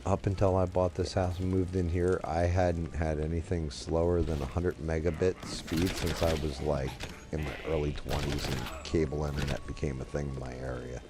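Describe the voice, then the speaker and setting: A middle-aged man hosts a stream while gaming, chatting casually, rambling and swearing offhandedly into a desk microphone. His voice rumbles low with a flat delivery at normal speed and few pauses, and there is background noise.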